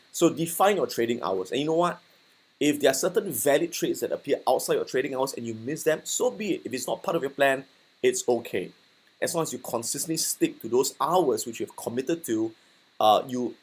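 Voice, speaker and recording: Husky man teaching a casual lesson. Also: medium pitch. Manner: conversational, checks in with "okay" and "right". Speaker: forex trading instructor.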